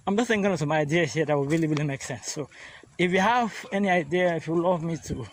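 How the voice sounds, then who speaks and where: A man's voice: on the high side, slight background noise. Easygoing man vlogging on the street. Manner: easygoing and chatty, mixing in pidgin greetings. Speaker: language coach. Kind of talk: casual vlog lesson. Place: outdoors on a street, walking.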